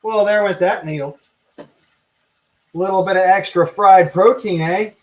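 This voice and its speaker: Angry high-voiced man ranting. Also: a little slow, a little mellow. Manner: heated, swearing constantly. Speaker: vlogger. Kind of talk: angry profane rant.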